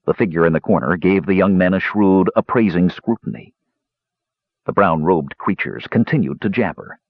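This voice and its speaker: A man narrating a fantasy novel in measured, expressive storytelling. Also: sits low, no room sound, phone-quality sound. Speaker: audiobook narrator. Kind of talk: scripted narration.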